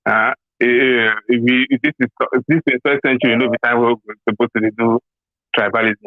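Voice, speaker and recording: A man's voice: mid-range voice, steady tone, no echo, faint music behind. Nigerian man on a tinny phone line. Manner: halting, many restarts, pidgin asides. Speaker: caller. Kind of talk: phone-in opinion call. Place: on a phone call from abroad.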